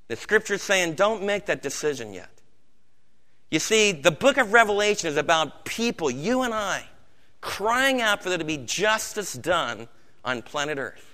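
An American man preaches with fervor, his high, bright voice rising to loud outbursts and dropping to hushed tones. The sound carries a long reverb from a large hall. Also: very animated, normal speed. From United States. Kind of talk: sermon.

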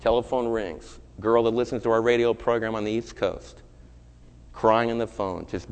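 A man who is a pastor delivering a sermon, moving from loud, urgent preaching to hushed, low storytelling. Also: normal speed, clean tone, in a large hall.

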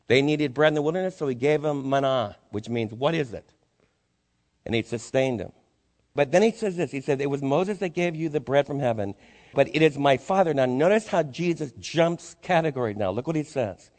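A man's voice: medium pitch, expressive, normal speed, darkish tone. A male pastor preaching a sermon, asking the congregation rhetorical questions with rising intensity. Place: church sanctuary. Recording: long reverb in a church hall.

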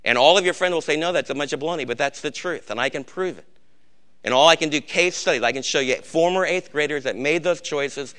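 Speaking fairly fast in a voice on the high side, an older pastor with a gray beard exhorts his congregation, alternating between quiet warnings and loud, shouted appeals.

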